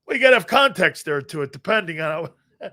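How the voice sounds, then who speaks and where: A man's voice: sits high, expressive, fast talker, bright, forceful tone. A middle-aged man hosting a live sports talk show, brash and profane, rambling through chat comments and laughing often.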